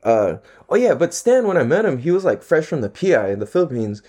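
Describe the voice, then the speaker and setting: Filmed at home, a young solo podcaster delivers a fast, very animated, rambling monologue, laid-back in manner, heavy on slang and swearing, and often laughing. His voice runs on the high side with a darkish tone.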